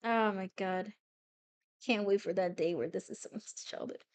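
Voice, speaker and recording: On a live stream, a young adult woman draws while chatting in a playful, rambling way, breaking into sudden bursts of excitement. Her voice sits in the mid range and she speaks at a moderate pace.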